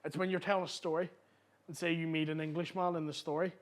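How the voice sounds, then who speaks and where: A man with a Northern Irish accent, a comedian guest chatting in a local pub, relaxed and rambling, swearing casually. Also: fairly high pitch, fast. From Northern Ireland.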